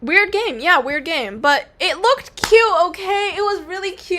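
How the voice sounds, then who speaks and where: A woman's voice: very high voice, lively intonation, a little slow, bright, forceful tone. A young woman streaming a game, talking in a casual, rambling, self-mocking way with some swearing. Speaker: gaming streamer. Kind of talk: casual let's-play commentary.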